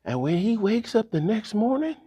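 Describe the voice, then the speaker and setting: Animated, husky-voiced man preaching. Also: sits high, moderate pace. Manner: animated, slangy, repeats phrases. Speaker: youth preacher. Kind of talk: casual sermon storytelling.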